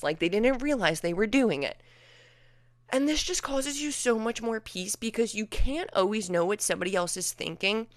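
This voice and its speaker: A woman's voice: mid-range voice, a bit bright, dry recording. A young woman hosting her own podcast, chatting casually and animatedly, with lots of fillers and acted-out quotes. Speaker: podcast host. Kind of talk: casual solo podcast chat.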